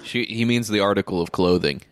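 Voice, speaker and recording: Deep-voiced man joking deadpan. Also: fairly quick. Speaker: podcast co-host. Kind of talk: casual comedic chat.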